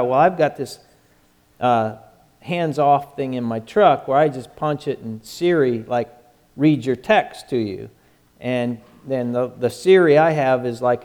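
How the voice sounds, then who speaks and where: A man's voice: mid-range voice, darkish tone. A male pastor giving a folksy, conversational sermon, joking and often restarting his sentences.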